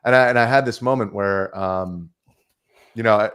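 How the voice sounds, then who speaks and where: A man's voice: fairly low pitch, moderate pace, fairly bright tone. A man in his thirties, a guest journalist, telling stories in a casual podcast conversation and mimicking other people's voices as he goes. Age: 30s.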